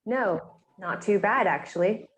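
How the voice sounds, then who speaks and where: A woman's voice: medium pitch, expressive, measured pace, roomy sound, a crowd in the background, natural voice. A woman voicing a matter-of-fact traveler. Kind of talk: scripted textbook dialogue.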